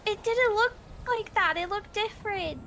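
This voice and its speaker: Woman doing high-voiced flustered young woman, rambling, apologetic, swears, role-play game voice. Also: normal speed, pushed and bright, a little hiss or hum, full character voice, low-quality recording.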